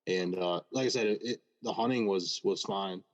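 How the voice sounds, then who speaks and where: A man calling into a podcast, speaking haltingly with many fillers in casual chat over a video call. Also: low voice. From Michigan. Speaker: caller. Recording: muffled call audio.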